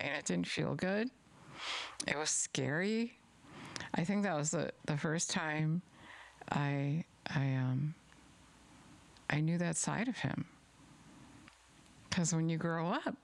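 Middle-aged woman giving a sermon, deep and kinda gravelly, earnest and emphatic. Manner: earnest, emphatic, repeats words. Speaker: preacher. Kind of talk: sermon with scripture reading.

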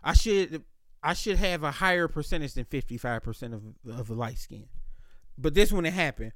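A man's voice: fairly high pitch, expressive, normal speed, fairly bright tone, no echo. A man hosting a podcast, telling a story casually, swearing freely and acting out both sides of the conversation. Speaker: podcast host.

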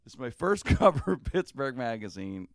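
A middle-aged man from Pennsylvania, a radio host telling a story in casual chat, animated and profane and laughing often. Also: mid-range voice, moderate pace, gravelly, no echo.

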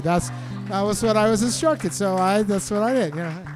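An American man answering interview questions in a relaxed, joking way, with many restarts and faint guitar music behind. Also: high voice, moderate pace. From United States. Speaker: interview guest, performer. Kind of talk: casual conversational interview.

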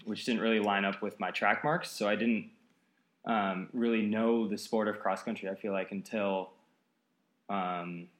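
Low-voiced man in an echoey room. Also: fairly bright tone. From Seattle area, United States. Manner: easygoing, rambling with many fillers. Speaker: guest. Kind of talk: casual interview chat. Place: apartment.

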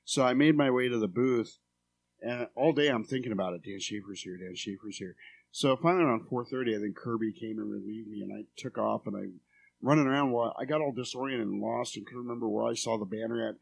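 A man in casual chat, telling an animated, swearing story about a convention. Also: medium pitch, fast talker, creaky. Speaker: podcast co-host.

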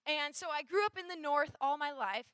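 A woman's voice: sits high, a little fast, fairly bright tone, dry recording. A woman from Minnesota giving a chatty, rambling youth sermon, full of fillers and asides.

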